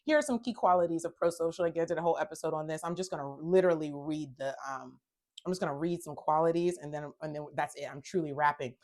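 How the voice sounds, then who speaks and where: A woman's voice: low-pitched, fast. A woman hosting a self-help talk, speaking emphatically, repeating phrases for stress and growing heated when she is upset. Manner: emphatic, repeats phrases, addresses listeners as y'all; gets worked up and loud when upset. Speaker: host.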